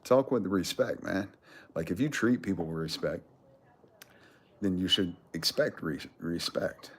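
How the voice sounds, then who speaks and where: A man's voice: low-pitched, lively intonation, a little slow, breathy edge. A middle-aged man telling a profane, swaggering story on a livestream, speaking into a phone held at arm's length out in a yard. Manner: profane, swaggering, laughs between lines. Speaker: vlogger hosting a giveaway livestream. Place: outdoors in a yard.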